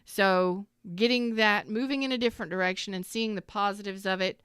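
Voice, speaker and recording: A woman's voice: medium pitch, steady tone, fairly quick, fairly bright tone, clear, resonant tone, no room sound, studio quality. A middle-aged woman, a tarot reader, talking casually and candidly to her viewers, swearing freely and rambling through asides.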